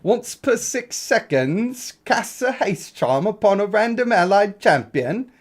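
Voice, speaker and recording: A man's voice: sits high, very animated, pitched above the performer's own voice, exaggerated voice. A man reading game text aloud in an exaggerated, theatrical mock British accent. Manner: over-the-top, slow, theatrical reading.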